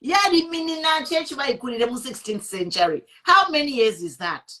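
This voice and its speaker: Zambian lady ranting on her online show, bright forceful voice, switches english and bemba. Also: sits high, lively intonation, normal speed. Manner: indignant, mixing English with Bemba. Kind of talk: impassioned political commentary.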